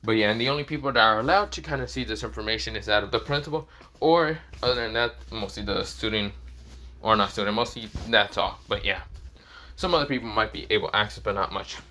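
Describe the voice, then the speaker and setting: Young man, improvised fan story narration, rambling, bright voice. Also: fairly low pitch, fast. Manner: rambling, full of fillers and restarts.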